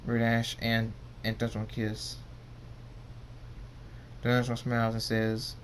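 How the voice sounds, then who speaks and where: A man reading a pony fan story aloud as narrator, halting and correcting himself as he goes. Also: medium pitch, monotone, a little hiss or hum. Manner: halting, stumbling and self-correcting.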